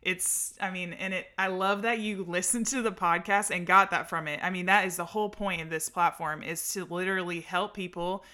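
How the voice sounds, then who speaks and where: A woman's voice: on the low side, fairly even intonation, moderate pace, few pauses, pushed and bright. A woman in her thirties hosting a podcast, enthusiastic and affirming in casual chat. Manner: enthusiastic, affirming, many fillers. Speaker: podcast host.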